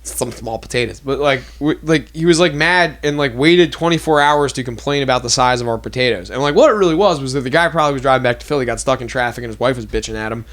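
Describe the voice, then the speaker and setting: This young man hosts a podcast and goes on a fast, rambling, profane rant in casual conversation, stuffing it with fillers. He has a medium-pitched, fairly bright voice.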